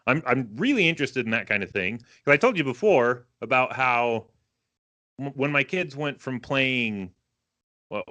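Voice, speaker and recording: A man's voice: mid-range voice, sharp tone. A man in his thirties co-hosting a casual podcast chat, explaining things in a rambling, self-correcting way. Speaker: podcast co-host.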